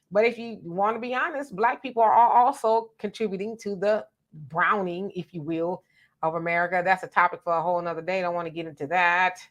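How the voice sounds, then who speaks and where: A woman from Southern California co-hosting a live stream, chatting casually with viewers and telling animated stories. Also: medium pitch. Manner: animated, talks straight to viewers, tells stories. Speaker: co-host of a live stream show.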